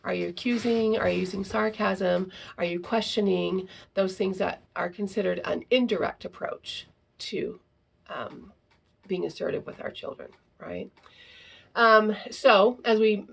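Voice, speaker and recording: A woman's voice: mid-range voice, gravelly, slightly rough. A woman teaching parents in a casual talk, often ending sentences with the question "right?". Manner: acts out example phrases to children.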